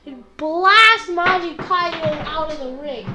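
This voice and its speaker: A woman's voice: extremely high pitch, loud music behind the voice. A woman casually reviewing an anime episode, rambling with lots of fillers and acting out bits of dialogue. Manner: rambling, full of fillers and quick impressions.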